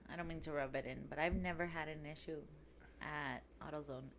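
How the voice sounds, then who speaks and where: A woman's voice: deep voice, steady tone, a little fast. Blunt woman co-host, faint background noise. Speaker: podcast co-host. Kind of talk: casual podcast chat.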